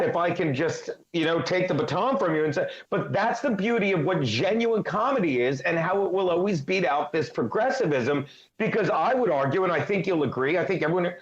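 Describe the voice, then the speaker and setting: Male panelist, emphatic long-winded talker, high voice, roomy lo-fi audio. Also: animated, normal speed. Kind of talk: casual chat. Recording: echoey, dull lo-fi mic.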